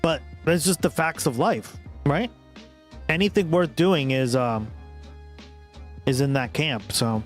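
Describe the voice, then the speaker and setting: Male streamer with a Boston accent, casual and profane, fairly high voice, soft music bed. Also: slow pace, pauses often. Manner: chatty, talks to his chat, swears casually. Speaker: streamer reacting to a video. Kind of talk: casual live-stream commentary. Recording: faint music behind.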